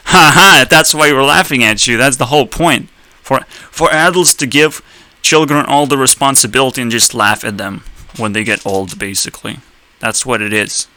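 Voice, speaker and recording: A man's voice: mid-range voice, bright, forceful tone, no echo, rough recording. Blunt, sarcastic young man ranting. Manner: blunt, sarcastic, swears a lot, laughs at own jokes. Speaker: streamer. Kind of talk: profane ranting commentary.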